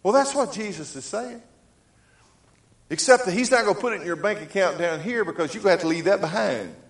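A male pastor delivering a sermon, telling homely stories and playing out the back-and-forth of the people in them. His voice sits a little high and swoops up and down with lots of life. The sound carries a clear echo from the room around him. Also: expressive, a little fast. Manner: folksy storytelling, acts out dialogue. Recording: echoey room.

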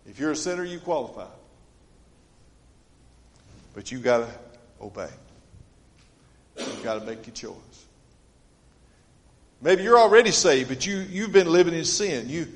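A man's voice: a little high, animated, unhurried, long pauses. Earnest preacher man in a reverberant church. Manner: earnest, dynamic delivery swinging from loud to hushed. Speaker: pastor. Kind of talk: sermon. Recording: long reverb of a church sanctuary.

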